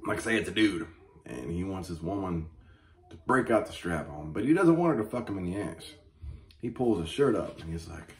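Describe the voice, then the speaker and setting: A man hosting a comedy show, ranting crudely and profanely with mock outrage and animated storytelling. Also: sits low, fairly quick. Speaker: comedy podcast host. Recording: echoey room.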